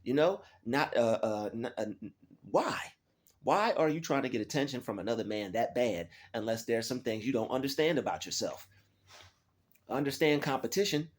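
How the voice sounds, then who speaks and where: A male vlogger delivering a loose, preachy monologue straight to his audience. He calls his listeners fellas and often stumbles, repeating words as he works his way toward the point. His voice sits at an ordinary middle pitch. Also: animated, normal speed. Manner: preachy, addresses viewers as fellas, repeats words while finding them. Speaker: YouTube channel host. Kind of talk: casual monologue to camera.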